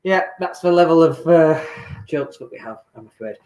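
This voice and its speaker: A man's voice: fairly high pitch, lively intonation, moderate pace, a little mellow. A man who invests in property, talking casually on a livestream from home, rambling and reading viewer comments aloud. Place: home in lockdown. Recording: echoey room.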